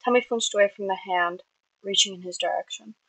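A woman's voice: medium pitch, brisk, no echo, low-quality recording. A woman reading her own story aloud in a plain way, with small slips that she corrects. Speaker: fiction reader.

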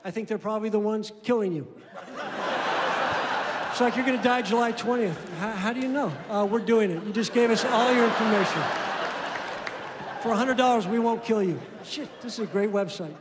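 Man, stand-up comic, very high voice, deadpan storytelling, long reverb and room noise from a live club. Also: fairly quick, long pauses, over a noisy crowd. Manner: deadpan storytelling, acting out both sides of phone calls. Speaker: stand-up comedian. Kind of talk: stand-up comedy set. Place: comedy club stage. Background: audience laughter and room ambience.

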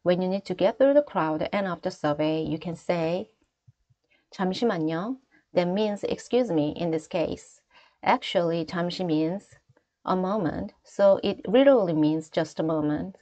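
A woman with a Korean accent, a native Korean speaker, teaching travel phrases in a clear, deliberate lesson voice. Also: on the low side, warm tone, highs cut off. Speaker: language teacher. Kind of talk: scripted lesson narration.

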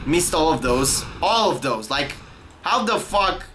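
A man's voice: fairly high pitch, very animated, a little slow, a little hiss or hum. Young man raging and swearing at a game. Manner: swears constantly, taunts the game, shouts in frustration. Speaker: gaming YouTuber. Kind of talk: profane rage-quit gameplay commentary.

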